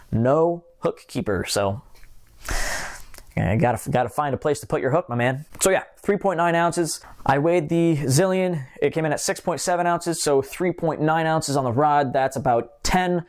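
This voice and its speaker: A man's voice: fairly high pitch, a little mellow. A young man hosting a fishing channel, reviewing gear in a chatty, joking way and drifting onto tangents. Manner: chatty and joking, talks with his hands, goes off on tangents. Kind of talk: casual gear review to camera.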